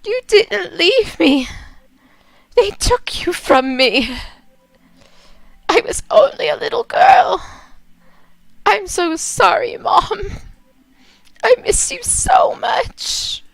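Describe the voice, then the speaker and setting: A woman voicing a grieving young woman who calls out to her dead mother, breathy and pleading. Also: very high voice, very animated, slow pace, long pauses, a bit bright, dry recording, pitched above the performer's own voice, exaggerated voice, low-quality recording. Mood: tearful. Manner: pleading, tearful.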